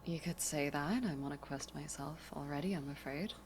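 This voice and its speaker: A woman playing a hardened woman warrior in a tabletop game, speaking quietly and curtly. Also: low-pitched, normal speed, slight background noise, close to an everyday voice. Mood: guarded. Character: hardened woman warrior, guarded but softening.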